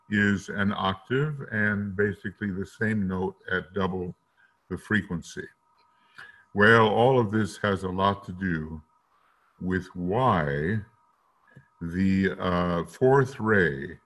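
A man giving a slow, deliberate lecture in a rough morning voice, now and then singing note syllables to illustrate. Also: fairly low pitch, fairly bright tone, muffled recording. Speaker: teacher.

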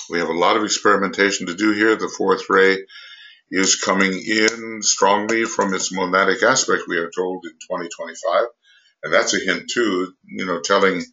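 An older man giving an unscripted spiritual lecture, halting with many pauses, fillers and restarts. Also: sits low, bright, forceful tone, lo-fi sound. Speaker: esoteric teacher.

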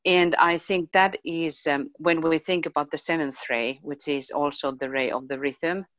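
A woman's voice: low-pitched, steady tone, moderate pace, a bit bright, dry recording. A woman in a casual discussion who hunts for words with frequent fillers. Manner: searching for words, many fillers. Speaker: discussion participant. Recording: dry, muffled lo-fi sound.

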